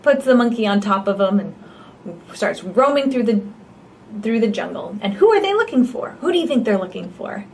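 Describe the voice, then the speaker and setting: A storyteller for the very young reads a picture book aloud in a fairly high, sing-song voice at normal speed, her tone a little mellow. She gasps, exaggerates each line and asks the child encouraging questions. There's a little hiss or hum in the background.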